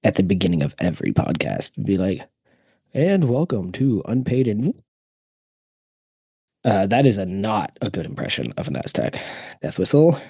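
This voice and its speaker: A man's voice: low-pitched, big pitch swings, a little fast, vocal fry, darkish tone, husky, dry recording. A man in his thirties co-hosting a podcast over a video call, goofing around with silly voices while chatting casually. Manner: goofy, tries silly voices. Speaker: podcast co-host. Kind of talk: casual chat.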